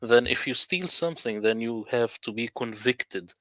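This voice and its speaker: Uomo dal tono misurato, spiega con calma. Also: male voice, mid-range voice, no echo. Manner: measured and explanatory. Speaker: guest, translator. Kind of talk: explaining his work in an interview.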